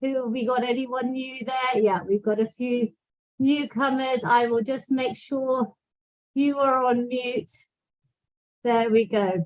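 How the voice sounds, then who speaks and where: A woman's voice: sits high, fairly even intonation, takes it slowly, echoey room, distant mic, low-quality recording. Breathless woman coaching a workout. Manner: encouraging, counting out cues. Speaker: fitness instructor.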